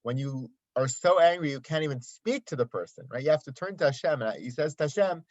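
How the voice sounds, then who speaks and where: A man's voice: medium pitch, lively intonation, brisk, no room sound. A man giving a daily Torah commentary lesson, explaining the text and asking rhetorical questions. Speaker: Torah teacher. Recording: dry, slightly dull sound.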